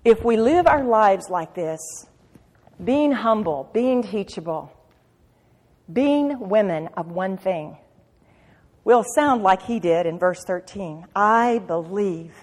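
A middle-aged woman preaching to women, moving from soft confiding asides to urgent exhortation. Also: medium pitch, lively intonation, takes it slowly, pauses often. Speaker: women's Bible teacher. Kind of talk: sermon. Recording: long hall reverb.

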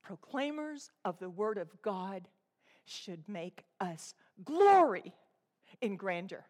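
A woman preaching a sermon to a congregation, swinging between loud exhortation and hushed, intense asides. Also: mid-range voice, animated, slow pace. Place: church room with a congregation.

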